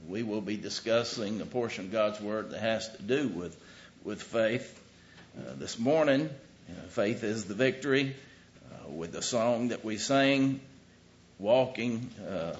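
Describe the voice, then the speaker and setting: A man preaching a sermon, telling the story with sudden swings between loud and hushed. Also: mid-range voice, slight background noise. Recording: dull lo-fi recording.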